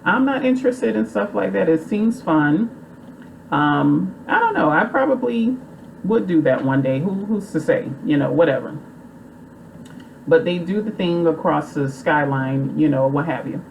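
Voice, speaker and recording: Low-voiced chatty woman recapping a movie. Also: animated, a little slow, vocal fry, darkish tone, a little hiss or hum, poor audio. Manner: rambling, chatty, full of fillers. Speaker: movie reviewer.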